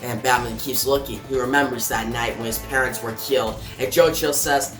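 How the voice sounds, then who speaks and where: A comic reviewer recaps a comic book issue scene by scene in a plain retelling, voicing the sound effects himself. His medium-pitched voice is fairly even in intonation and brisk. There is a roomy echo and faint music in the recording.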